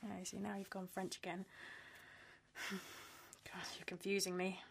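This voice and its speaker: A woman's voice: medium pitch, monotone, unhurried, gravelly, noisy background. An actress playing a woman unnerved by a stalker, frank and blunt in her speech, in a radio drama. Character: rattled woman harassed by a stalker.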